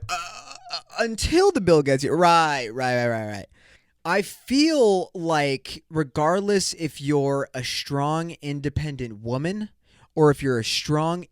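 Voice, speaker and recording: Casting: podcast host, man, slightly high voice, blunt cussing rant, dry close sound. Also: clear, resonant tone, no echo. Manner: profane, blunt, ranting. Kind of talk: casual rant.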